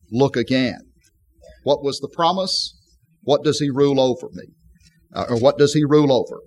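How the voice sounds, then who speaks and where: A male preacher delivering a sermon, reading scripture verses aloud with emphasis and explaining them. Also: medium pitch.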